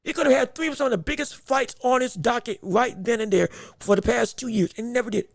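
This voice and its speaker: A man's voice: very high-pitched, fast, creaky, no room sound, studio quality. A man hosting a boxing podcast, making his points emphatically and repeating himself with frequent restarts. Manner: emphatic, repetitive, stumbling restarts. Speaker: podcast host.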